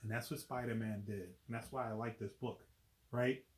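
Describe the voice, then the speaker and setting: A man's voice: on the low side, steady tone, moderate pace, echoey room. A man reading a children's picture book aloud, chatty, stopping to explain the pictures and asking "right?" often. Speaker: volunteer reader.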